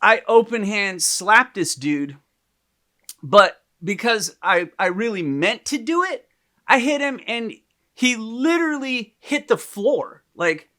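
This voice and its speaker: Animated, bright-voiced man telling a story. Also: high-pitched, takes it slowly. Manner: animated storyteller, laughs and restarts, swears. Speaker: podcast co-host, psychologist. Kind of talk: casual chat.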